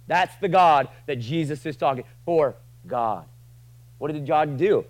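A man preaching a sermon to a room, casual and joking, swinging from loud passionate lines to quiet asides. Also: mid-range voice, lively intonation, normal speed, rough recording. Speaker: pastor.

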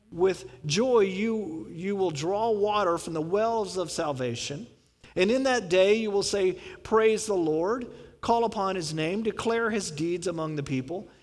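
A man's voice: sits high, in a large hall. A male pastor preaching a sermon, dramatically acting out the scripture he quotes.

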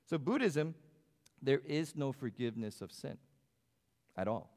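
A man's voice: mid-range voice, expressive, unhurried, darkish tone. A man preaching a sermon in a church sanctuary, talking conversationally and asking the congregation questions. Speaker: pastor. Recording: long hall reverb.

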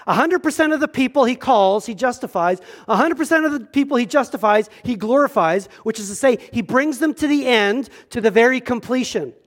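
High-voiced man preaching with big swells. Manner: swings from loud emphatic preaching to quiet joking asides. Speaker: pastor. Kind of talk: sermon. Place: church service.

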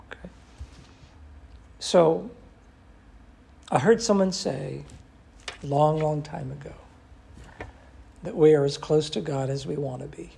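A man's voice: fairly high pitch, slow pace, gravelly, long pauses, mellow, breathy edge. A man teaching an interactive Bible study who asks his class questions and quotes scripture expressively.

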